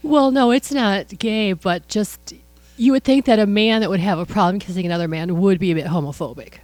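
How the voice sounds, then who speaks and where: A woman in an easygoing podcast chat, filling in details and gently correcting her co-host. Her pitch sits mid-range and her delivery is relaxed. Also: brisk, no echo. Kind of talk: casual chat.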